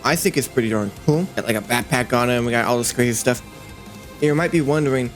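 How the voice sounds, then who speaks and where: A man's voice: medium pitch, fast talker, soft background music. A man casually narrating his 3D work session, thinking aloud in a rambling, playful way with lots of fillers. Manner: easily excited, playful. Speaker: 3D animator and creator.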